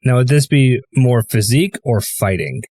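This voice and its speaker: Man player, mid pitch; unsure, talks his moves through. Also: moderate pace, mellow. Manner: hesitant, thinking aloud. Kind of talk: casual tabletop play.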